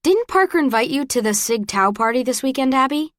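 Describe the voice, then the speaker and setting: A woman's voice: sits high, expressive, a little fast, dry recording, clean studio sound, pitched above the performer's own voice. A woman voicing a pushy, upbeat young college woman who teases and meddles in an audiobook. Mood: teasing.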